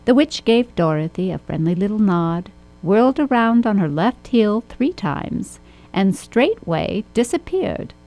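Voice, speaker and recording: A woman's voice: medium pitch, measured pace, low-quality recording. Woman reading a storybook aloud. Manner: steady, expressive reading. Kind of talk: storybook narration.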